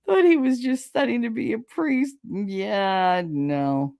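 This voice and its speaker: A woman's voice: fairly high pitch, slow, gravelly, darkish tone, no room sound, studio quality. A woman hosting a podcast, telling gossipy, frank family stories in a casual chat and laughing often. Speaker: podcast host.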